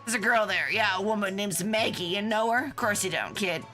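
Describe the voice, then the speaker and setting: A woman voicing a male crook in a game who pitches a heist to a kid in a gruff, fast-talking way. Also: lively intonation, bright, forceful tone, soft background music. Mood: scheming.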